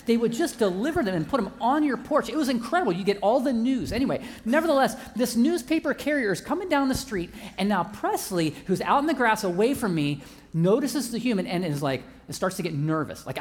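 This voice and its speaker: Animated storytelling male preacher. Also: high voice, long reverb tail. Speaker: pastor. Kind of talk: sermon.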